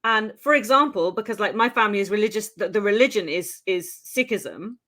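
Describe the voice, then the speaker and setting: A woman's voice: mid-range voice, expressive, brisk, pushed and bright. A woman, co-hosting a podcast in casual chat, talking freely and laughing often. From United Kingdom. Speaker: podcast co-host.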